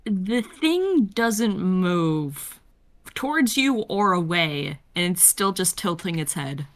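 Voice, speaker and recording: A woman acting as game master who narrates the scene and calls for dice rolls in a relaxed, playful way. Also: fairly low pitch, slow pace.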